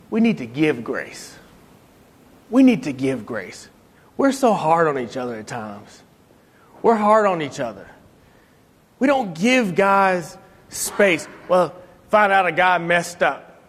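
A man telling stories about his late father, animated, acting out voices and laughing often. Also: sits high. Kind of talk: storytelling talk to an audience. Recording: long hall reverb.

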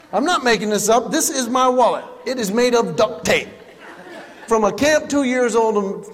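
A middle-aged man doing a stand-up comedy routine, telling family stories with animated punchlines on stage in a large hall. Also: high-pitched. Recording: reverberant hall with faint ambience.

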